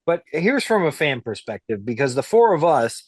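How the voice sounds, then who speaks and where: A man's voice: fairly high pitch, big pitch swings, moderate pace, husky, dry recording. A man co-hosting a podcast, speaking earnestly in casual chat and restarting his sentences often. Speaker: podcast co-host.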